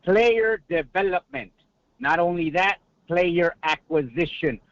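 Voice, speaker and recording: A man's voice: sits high, animated, slow pace, fairly bright tone, dry recording. A male caller giving a hyped, preacher-like sports pep talk full of rhetorical questions, mixing in Spanish greetings. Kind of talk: excited call-in sports talk. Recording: muffled phone line audio.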